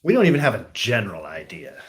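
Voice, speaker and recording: A man's voice: lowish voice, wildly swooping pitch, fast talker. An older man, chatting easily as co-host of a live stream. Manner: easygoing, coos at the dogs. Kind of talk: casual chat on a live stream.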